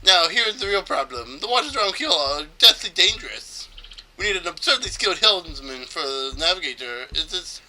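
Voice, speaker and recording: A man's voice: high-pitched, big pitch swings, moderate pace, bright, forceful tone, slight background noise, heavily acted. A man voicing a vain, pompous male ship owner in a fake Spanish accent, boasting grandly while reading game text. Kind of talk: let's play voice reading.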